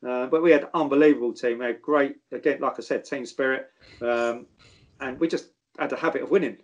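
A middle-aged man with a South London accent, a former footballer telling lively stories in casual chat, swearing and mimicking people as he goes. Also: medium pitch, brisk, highs cut off.

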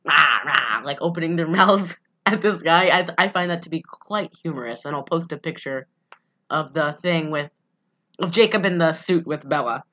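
A woman's voice: low-pitched, moderate pace, a bit bright, lo-fi sound, a little hiss or hum. A young woman co-hosting a podcast, recapping a movie in casual chat, rambling with lots of fillers and laughing asides. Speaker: podcast co-host.

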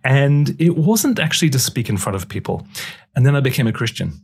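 A man from Australia, an author and broadcaster, talking about his life in a relaxed interview with self-deprecating humor. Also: medium pitch, a little fast, husky.

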